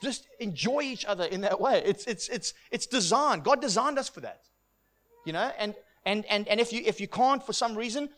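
A man's voice: high-pitched, fairly bright tone. A middle-aged man preaching a sermon in an earnest, heartfelt way, often repeating words as he starts a thought.

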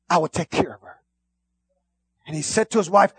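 A man preaching to his church in a high, bright register. He drops to soft, confiding asides and then builds to shouted, fervent calls. The sound is close and dry. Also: normal speed, long pauses, breathy edge, no room sound. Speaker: pastor. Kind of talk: sermon.

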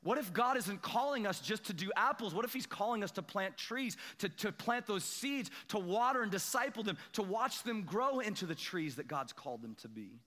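High, bright-voiced preacher man. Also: normal speed, few pauses, in a large hall. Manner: storytelling, self-deprecating, rising to excited emphasis. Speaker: pastor. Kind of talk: sermon. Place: church sanctuary.

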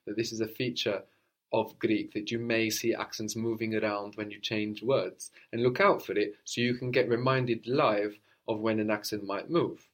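A man teaching a spoken language lesson, explaining patiently step by step and repeating example words slowly. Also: fairly low pitch.

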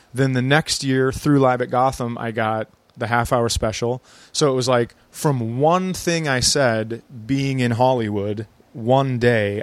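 A man's voice: medium pitch, dry recording. A man from Minnesota, a guest comedian, telling stories in a wry, laid-back casual chat.

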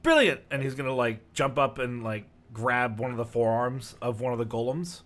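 A man's voice: mid-range voice, normal speed. Man, game master, narrating a tabletop game, laid-back, rambling with fillers. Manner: relaxed, rambling descriptions with fillers.

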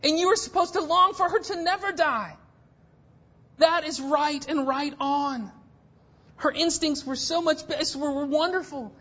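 A woman in her thirties preaches with a fairly high voice, pressing her points emphatically. She drops low and hushed, then swells into intense passages. The recording is dull and lo-fi. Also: a little slow. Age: 30s. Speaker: pastor. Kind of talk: sermon.

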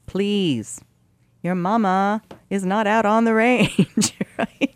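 A woman's voice: medium pitch, fairly even intonation, slow. A woman hosting a talk radio show, chatting earnestly and emphatically and laughing easily. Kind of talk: casual talk radio chat.

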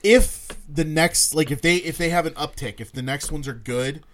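Halting man in casual podcast talk. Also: a little high, a bit bright. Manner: halting, repeats words while thinking. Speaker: podcast co-host. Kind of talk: casual chat.

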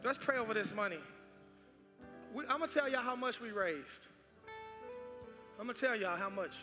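A man leads his congregation in giving and prayer, pressing his appeals again and again. His voice sits very high and carries with long church reverb. Soft music plays beneath him. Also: animated, moderate pace. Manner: fervent, repetitive exhortation. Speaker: pastor. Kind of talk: sermon with offering and prayer. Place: large church sanctuary.

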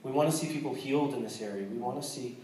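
A man's voice: medium pitch, fast talker, darkish tone, very echoey, distant mic, slight background noise, rough recording. An American man, a missionary, talking earnestly with a congregation, joking in between and restarting his sentences often. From United States. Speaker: missionary speaking to a church. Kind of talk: casual testimony to a congregation.

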